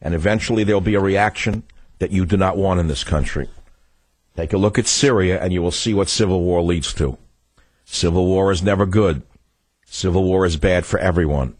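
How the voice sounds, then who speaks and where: A man's voice: deep voice, husky, dry recording. A man hosting a political talk radio show, ranting heatedly and repeating phrases for emphasis. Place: radio studio.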